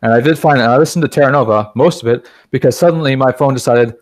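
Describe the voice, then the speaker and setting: A man's voice: medium pitch, fast talker, hardly any pauses, dry recording. A man chatting casually on a podcast, rambling a little and acting out the things he quotes. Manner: chatty, acts out quoted remarks.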